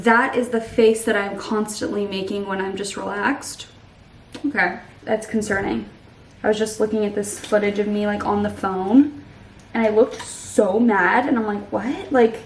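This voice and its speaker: A young woman in her twenties chatting casually to camera as she makes a smoothie, saying "like" a lot and sometimes trailing off into soft murmurs. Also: medium pitch, roomy sound, distant mic, a little hiss or hum, poor audio. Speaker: lifestyle vlogger. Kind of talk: casual vlog chat. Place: home kitchen.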